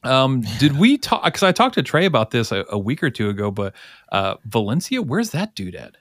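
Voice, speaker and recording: A man's voice: medium pitch, big pitch swings, moderate pace, no room sound, studio quality. A man co-hosting a soccer podcast, rambling and cutting himself off in casual chat. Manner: rambling, self-interrupting. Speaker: podcast co-host.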